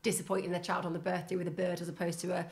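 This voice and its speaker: A middle-aged woman co-hosts a podcast, chatting casually and telling stories while laughing often. Her voice is on the low side and gravelly, with little pitch movement.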